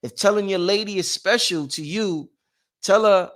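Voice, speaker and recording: A man hosting a casual motivational livestream, rambling and repetitive, with slang and shout-outs to his viewers. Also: sits high, lively intonation, unhurried. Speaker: livestream host.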